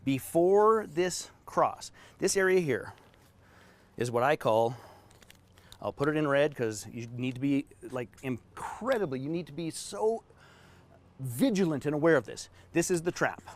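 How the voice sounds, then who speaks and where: A man giving an online business training session in an emphatic, animated way while drawing diagrams. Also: fairly high pitch, measured pace. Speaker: business coach.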